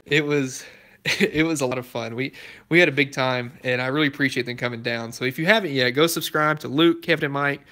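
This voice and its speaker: A man's voice: mid-range voice, fairly even intonation, a little fast, bright, forceful tone. A young man hosting his own car channel, chatting casually with viewers, easygoing and laughing often. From Alabama, US. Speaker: YouTube car channel host. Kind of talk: casual chat answering live viewer comments.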